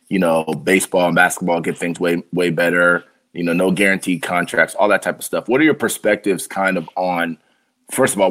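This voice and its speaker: A male podcast host asking loose, relaxed questions with lots of fillers in a casual interview. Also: sits low.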